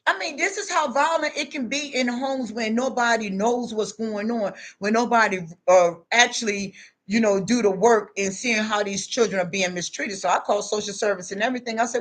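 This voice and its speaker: A woman's voice: fairly high pitch, fairly quick, a bit bright. A woman talking straight to camera in a casual vlog, telling stories bluntly and preaching in emphatic asides. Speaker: spiritual vlogger.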